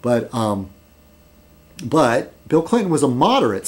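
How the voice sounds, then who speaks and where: A middle-aged man vlogging in casual rambling commentary, chuckling at his own jokes and filling pauses with um and uh. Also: mid-range voice, big pitch swings.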